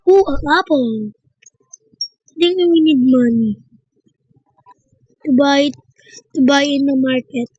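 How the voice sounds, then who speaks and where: A woman's voice: high-pitched, slow, pauses often, a little mellow, dry recording. A woman giving casual, playful gameplay commentary and chatting to her viewers. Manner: chatty, talks to viewers as "guys". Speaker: gameplay streamer. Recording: dull lo-fi sound.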